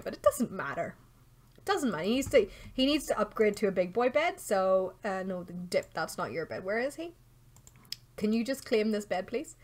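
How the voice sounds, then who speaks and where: A young Irish woman chatting casually through a game livestream, excitable and talking to her viewers and the game characters. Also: medium pitch. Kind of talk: casual let's play commentary.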